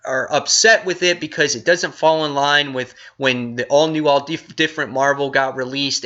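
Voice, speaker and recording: A man hosting a casual comic review vlog, excitable and rambling. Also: mid-range voice, dull audio.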